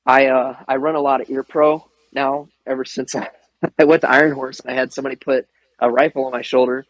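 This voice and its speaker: A man from the American Midwest, a guest on a podcast, telling animated airsoft stories in casual chat, swearing freely and laughing often. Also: medium pitch, a little fast, dry recording, rough recording.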